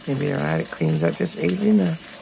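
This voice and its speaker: Woman, home cook host, very gravelly, hoarse, on a noisy handheld phone recording in the kitchen. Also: low-pitched, dark tone. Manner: chatty, talks straight to viewers. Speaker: home cooking channel host. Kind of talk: casual cooking demonstration. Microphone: phone held in one hand.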